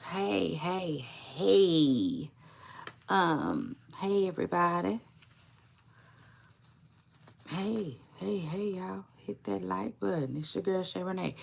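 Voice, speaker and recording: Slow gravelly-voiced woman livestreaming. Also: fairly low pitch. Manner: rambling, drawn-out, repeats phrases; slow, gravelly, laid-back delivery. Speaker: livestream vlogger. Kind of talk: casual livestream chat.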